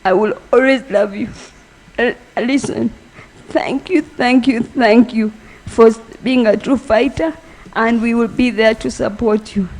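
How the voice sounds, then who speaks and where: High-voiced woman giving a halting eulogy. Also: fairly even intonation, low-quality recording. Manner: halting, emotional, soft-spoken. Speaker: family member giving a eulogy. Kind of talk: funeral eulogy.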